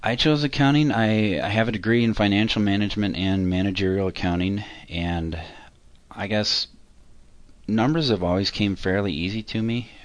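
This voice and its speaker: A man answering interview questions about himself and his accounting work, talking in a halting, rambling way that keeps correcting itself. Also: fairly low pitch, no echo.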